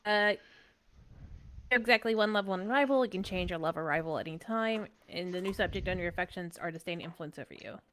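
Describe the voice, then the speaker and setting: A woman's voice: lowish voice, fast, a bit bright, a little hiss or hum. A woman playing in a tabletop role-playing game, speaking hesitantly with many fillers. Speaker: player. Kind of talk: casual tabletop play.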